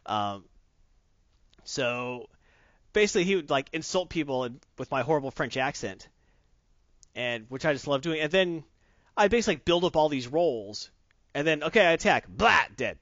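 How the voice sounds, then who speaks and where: A man's voice: fairly high pitch, lively intonation, fairly quick, dry recording, dull audio. A man chatting enthusiastically and rambling, with many restarts, as he co-hosts a casual talk. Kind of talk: casual chat about tabletop games.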